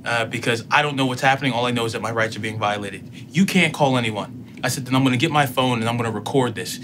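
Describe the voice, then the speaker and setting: Guy telling his own story, animated, does the other voices too, noisy background. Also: medium pitch, fast. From United States. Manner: animated retelling, acts out both sides of dialogue. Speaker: podcast guest. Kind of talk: personal storytelling.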